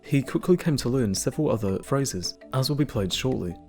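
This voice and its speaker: A man's voice: medium pitch, lively intonation, darkish tone. Man narrating a nature explainer. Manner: measured and informative. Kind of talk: scripted educational narration. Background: faint background music.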